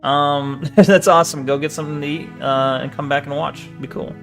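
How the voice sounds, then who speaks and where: A man's voice: fairly high pitch, fairly even intonation, normal speed, a bit bright, faint music behind. A man streaming a game, chatting casually with viewers, joking and swearing as he plays. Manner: joking, profane, laughs often, reads game text aloud. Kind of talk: casual gaming commentary.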